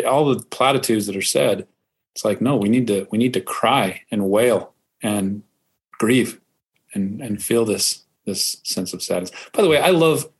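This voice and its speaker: A man's voice: lowish voice, moderate pace, husky. A man co-hosting a podcast, speaking in a casual, earnest and supportive way. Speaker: podcast co-host. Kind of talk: casual chat.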